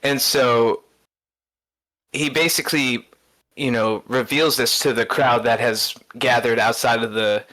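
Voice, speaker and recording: A man chatting on a podcast, retelling things with eager, rambling energy. He stumbles, repeats words and breaks into laughter, at an everyday pitch. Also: measured pace. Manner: excitable rambling storyteller, stammers and laughs. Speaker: podcast co-host. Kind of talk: casual podcast chat.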